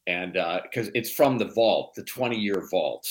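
A middle-aged man from Chicago talks as an interview guest, telling stories in a relaxed, rambling way. His voice sits on the low side. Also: unhurried. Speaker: documentary producer, guest. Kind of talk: conversational interview.

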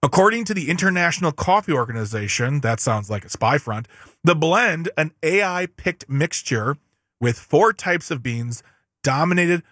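A man with a fairly high voice reads headlines to his co-host, stopping often for wry asides and tripping over hard names. The sound is dry and close, with little room around it. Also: lively intonation, normal speed, a bit bright, no room sound. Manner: joking, reads with asides and stumbles. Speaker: podcast co-host. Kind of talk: casual chat, reading headlines aloud.

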